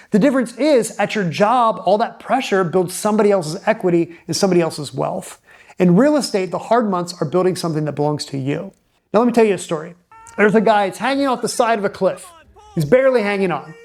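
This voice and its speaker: A man's voice: high-pitched, lively intonation, brisk. A man who is a real estate investor, giving direct-to-camera advice in an emphatic, punchy coaching manner.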